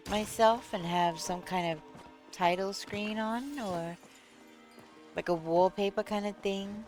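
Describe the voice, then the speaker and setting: A woman streamer chatting casually, reading chat aloud and thinking out loud. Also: medium pitch.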